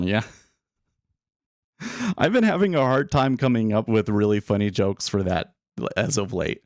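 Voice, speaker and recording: Low-voiced man rambling through market commentary. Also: measured pace, long pauses, dry recording, studio quality. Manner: rambling, thinking aloud, self-deprecating. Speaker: day trading livestream host.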